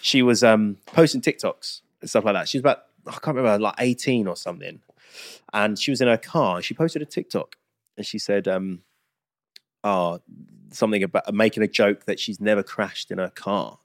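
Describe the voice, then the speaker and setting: A man's voice: on the low side, normal speed, dry recording, studio quality. Blunt, sweary young man. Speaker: podcast co-host. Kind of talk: casual chat.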